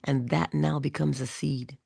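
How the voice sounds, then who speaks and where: Woman, motivational speaker, husky voice, inspirational monologue, deliberate delivery, whispered emphasis. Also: sits low, fairly even intonation, dry recording, studio quality. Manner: addresses listeners directly and warmly.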